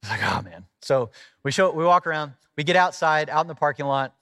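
A middle-aged man preaching a sermon, telling a personal story in a conversational, animated way and acting out the voices of the people in it. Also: on the high side, fast, smooth, no room sound, clean studio sound. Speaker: pastor.

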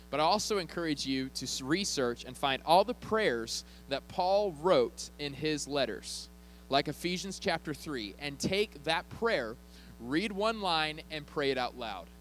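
A man giving a sermon, animated and conversational, with asides to his audience. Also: a little high, poor audio.

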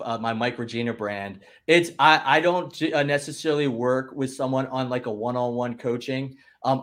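A man speaking as a business coach guest, giving an energetic motivational talk, emphatic and rallying, often cutting in with "listen" and "guess what.". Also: mid-range voice.

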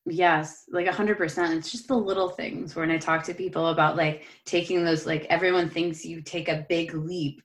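A woman hosting a podcast, talking earnestly and encouragingly in relaxed conversation. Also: on the low side, normal speed, few pauses. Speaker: podcast host and yoga teacher. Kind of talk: casual conversation.

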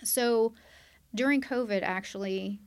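A woman's voice: fairly high pitch, unhurried, smooth. A woman sharing a candid personal testimony on a podcast, earnest and quoting her past self aloud. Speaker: guest sharing her story.

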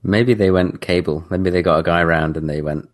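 A man chatting casually on a podcast, easygoing and quick to chuckle. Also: low voice.

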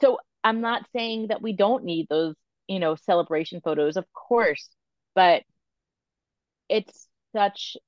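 A woman in her thirties, a photographer and coach, talking candidly in an interview, animated and full of filler words. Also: medium pitch, slow, no room sound, lo-fi sound. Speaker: podcast guest, photographer and coach.

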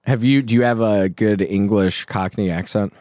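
A man's voice: lowish voice, normal speed, darkish tone, no room sound, clean studio sound. A man bantering on a comedy podcast, playful and often laughing.

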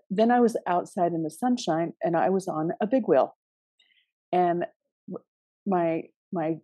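A woman's voice: fairly low pitch, dark tone, dry recording. A middle-aged woman hosting a reflective spiritual podcast, talking in a meandering, hesitant way with frequent restarts. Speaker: podcast host.

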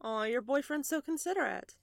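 A woman playing a tabletop game, chatting casually and reacting quickly. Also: high-pitched, expressive, creaky, dry recording. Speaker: player.

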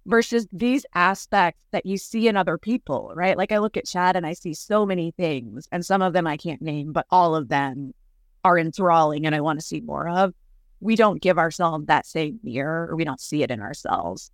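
A woman's voice: sits low, normal speed, dry recording, studio quality. A woman improv teacher chatting reflectively as a podcast guest, full of "like" fillers. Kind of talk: casual podcast conversation.

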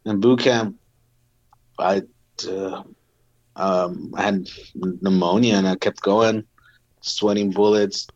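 A man in his forties, a Marine veteran, telling stories casually in an interview, full of fillers and quick laughs. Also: deep voice, steady tone, a little mellow, no room sound, muffled recording.

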